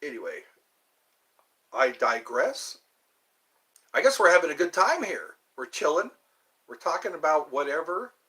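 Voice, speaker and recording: A man's voice: a little high, sing-song, unhurried, long pauses, bright, forceful tone. A man hosting a casual livestream chat, rambling and thinking aloud as he digresses from one topic to the next. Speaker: host.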